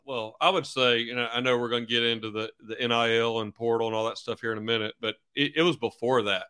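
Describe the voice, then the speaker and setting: A middle-aged man guests on a podcast as a football coach. His voice is bright and smooth. He chats in an easygoing way and acts out the people in his stories. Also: mid-range voice, fairly even intonation, fast. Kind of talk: casual interview chat.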